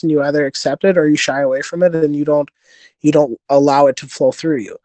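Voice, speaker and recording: A man's voice: on the high side, fairly even intonation, fairly quick, a little mellow, dry recording. A man telling stories in a casual podcast interview, earnest and rambling with many restarts. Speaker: podcast guest, jiu-jitsu competitor.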